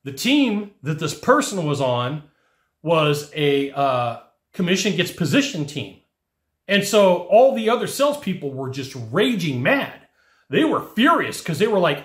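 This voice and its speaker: Energetic male sales coach, a touch high-voiced, recorded in a reverberant room. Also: measured pace. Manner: animated, acts out whiny customer voices. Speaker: sales trainer. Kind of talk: energetic teaching monologue.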